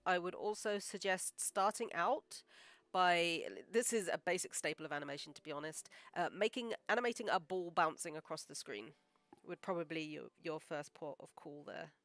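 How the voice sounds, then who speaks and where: Woman animator, casual stream chatter, filler-heavy and humble, low voice. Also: normal speed, fairly bright tone, no echo. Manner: rambling, full of "like" and "um"; encouraging and modest. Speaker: animator live-streaming her work. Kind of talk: casual livestream chat while drawing.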